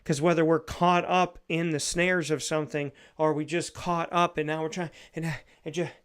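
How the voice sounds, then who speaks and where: A male show host giving an earnest, repetitive spoken reflection on faith, building to animated bursts. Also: a little high, normal speed, clean tone.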